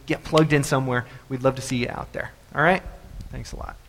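Male pastor, bright and clear, casual sermon style in a reverberant sanctuary. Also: mid-range voice, fairly even intonation, fairly quick, a little hiss or hum. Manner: conversational, with frequent fillers and restarts. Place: church sanctuary.

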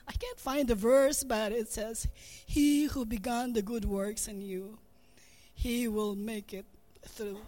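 A woman's voice: mid-range voice, darkish tone. A woman giving earnest farewell words at a church gathering and reading a prayer aloud. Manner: slow, earnest, reads scripture. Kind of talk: farewell speech and read prayer.

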